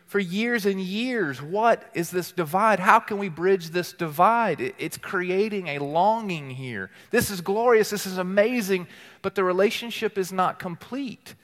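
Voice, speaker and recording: A man delivering a sermon in a church sanctuary, his voice sitting a little above the usual male range. He preaches earnestly, stressing points with repeated phrases and slowing to read scripture aloud. The sound carries a long hall reverb. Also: sits high, a bit bright. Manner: reads scripture aloud slowly and deliberately. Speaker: teaching pastor.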